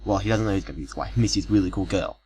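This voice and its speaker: A young man with a lowish voice tells a made-up story, wandering off on casual, profane tangents. He speaks loosely, with plenty of asides. The sound comes from a cheap home microphone. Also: very fast, a little mellow, rough recording. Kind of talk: rambling improvised storytelling.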